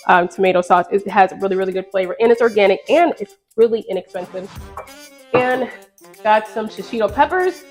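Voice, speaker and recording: A chatty, upbeat woman hosts a casual home cooking video and talks straight to her viewers as she works. Her voice sits at an ordinary middle pitch, with soft music playing underneath. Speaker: home cook host.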